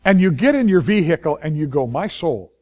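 Pastor guy preaching, fairly high voice, hammers on phrases and repeats them, voices what worried folks think. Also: very animated, fast, darkish tone, lo-fi sound. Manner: emphatic, repeats key phrases, acts out inner voices. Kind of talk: sermon.

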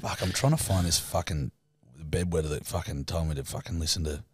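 A man's voice: deep voice, brisk, slightly rough, no room sound, studio quality. A man co-hosting a comedy podcast, teasing and sweary. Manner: teasing, sweary, laughs a lot. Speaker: podcast co-host. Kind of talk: casual comedic banter.

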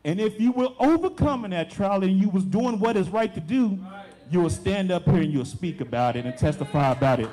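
Young deacon preaching with fervent repetition. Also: male voice, high-pitched, lively intonation, fairly quick, dark tone, faint music behind. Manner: emphatic preaching with repeated phrases. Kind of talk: sermon.

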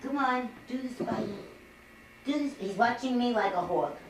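A woman's voice: fairly high pitch, expressive, normal speed, far from the mic. An older woman, a grandmother, singing nursery songs and coaxing a baby in a playful, sing-song way at home. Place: family home. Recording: echoey home video from across the room, faint noise.

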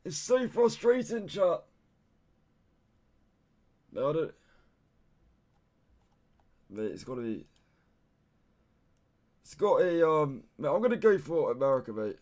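Animated young man streaming, cursing. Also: on the high side, takes it slowly, long pauses. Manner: frustrated, swears a lot, says "mate" constantly. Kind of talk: casual live-stream gameplay commentary.

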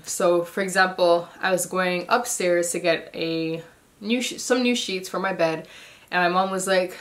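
Young woman, low-ish voice, winded, easygoing vlog chatter. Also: fairly even intonation, moderate pace, a bit bright. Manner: chatty, loose, lots of ums and restarts. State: short of breath. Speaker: vlogger. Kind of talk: casual pregnancy update vlog.

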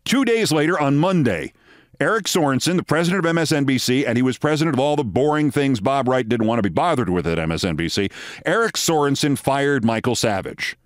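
A man's voice: mid-range voice, expressive, fairly quick, no room sound. Man, podcast host, sardonic scripted commentary, emphatic delivery, dry close sound.

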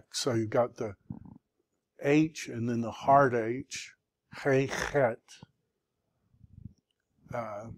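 A man's voice: medium pitch, darkish tone, no echo. A man teaching a classroom review, sounding words out syllable by syllable with patient encouragement. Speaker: Hebrew teacher.

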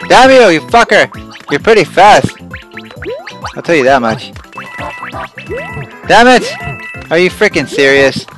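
A young-sounding man with a slightly high voice commentates his platform game run, flipping between quiet muttering and loud outbursts of curses. Faint game music plays underneath. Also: slow pace, long pauses. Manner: excitable, swearing, yelling at the game. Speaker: let's play host. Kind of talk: gameplay commentary.

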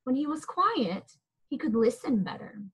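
A woman reading a children's picture book aloud in an expressive, lilting storytelling manner. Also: high voice, unhurried, breathy edge, rough recording.

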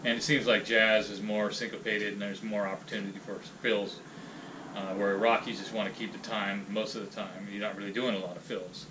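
A man teaching a casual drum lesson, counting sticking patterns aloud and rambling in a relaxed way between exercises. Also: on the low side, brisk, heavy background noise. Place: room with a drum kit. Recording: distant mic, loud drums. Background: loud drum kit playing.

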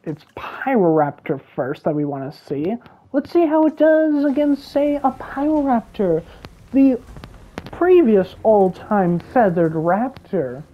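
Excitable woman doing gameplay commentary. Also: a little high, slow pace, lo-fi sound. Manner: excitable, gasping and laughing reactions. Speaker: gaming YouTuber.

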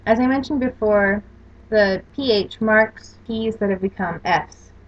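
A woman in no hurry, her voice medium-pitched, gives a recorded language lecture over slides. She explains the rules with care and spells out examples as the course lecturer, on a dull lo-fi recording.

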